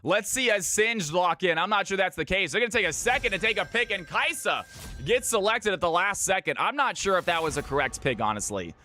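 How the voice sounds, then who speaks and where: A man's voice: sits high, expressive, brisk, pushed and bright, no room sound, faint music behind. A man from California hosting a live game stream, commentating picks and greeting viewers by name in an upbeat way. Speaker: streamer casting viewer games.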